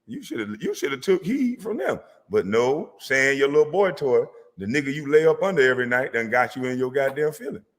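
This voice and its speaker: A man delivering a profane, mocking comedic rant as a vlogger, sometimes breaking into shouts. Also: medium pitch, very animated, brisk, few pauses, long reverb tail. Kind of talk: comedic rant reacting to sports media.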